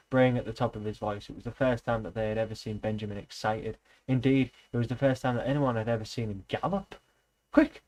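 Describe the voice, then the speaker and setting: A man's voice: fairly low pitch, darkish tone, rough recording. A man reading a novel aloud in a loose, casual way, with slips and restarts. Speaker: reader, streamer.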